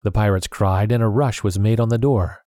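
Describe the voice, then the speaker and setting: Man with a low, mellow reading voice. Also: normal speed, no room sound, clean studio sound. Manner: steady, plain first-person reading. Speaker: audiobook narrator. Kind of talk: storybook narration.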